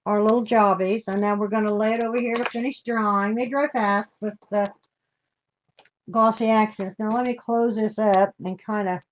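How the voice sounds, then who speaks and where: An older woman with a gentle lilt talks her way through a live craft demonstration. Her voice sits at a middle pitch, and her homey, rambling manner mixes in warm greetings to her viewers. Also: fairly even intonation, moderate pace, slight background noise. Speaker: craft show host.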